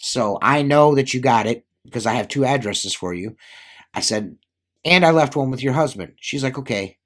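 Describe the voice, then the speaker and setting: A man's voice: medium pitch, animated, moderate pace. A middle-aged window cleaner chatting casually, rambling with lots of fillers and acting out the lines of people in his story. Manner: rambling, filler-heavy, acts out quoted dialogue.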